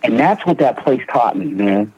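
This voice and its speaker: A man's voice: medium pitch, lively intonation, moderate pace, breathy edge, no room sound, muffled recording. A young man from Philadelphia, telling his recovery story in conversation with slang and repeated starts. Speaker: guest in recovery. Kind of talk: personal testimony in conversation.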